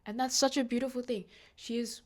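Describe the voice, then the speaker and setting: A nineteen-year-old woman hosts a casual solo podcast, rambling heartfelt with lots of fillers and restarts, emotional and near tears at moments. Her voice is a little high and darkish in tone, with fairly even intonation and a slightly fast pace.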